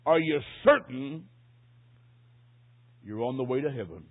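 A man's voice: medium pitch, expressive, unhurried, breathy edge. A man preaching quotes a pastor speaking bluntly and earnestly to a dying man, on a tinny phone-like recording.

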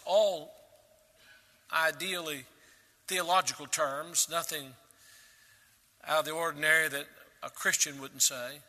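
A man preaching a sermon, emphatic, with sudden loud rises and quiet drops. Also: a little high, long reverb tail. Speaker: pastor.

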